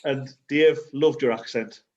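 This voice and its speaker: A man's voice: mid-range voice, unhurried, a little mellow, highs cut off. A man telling a personal story in a casual group share, candid and sweary. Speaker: community group member.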